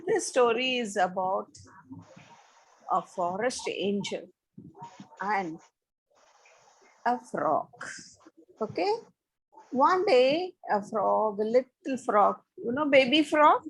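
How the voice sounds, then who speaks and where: A woman telling a children's story slowly, asking a young listener questions as she goes. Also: fairly high pitch, lively intonation, slightly rough, rough recording.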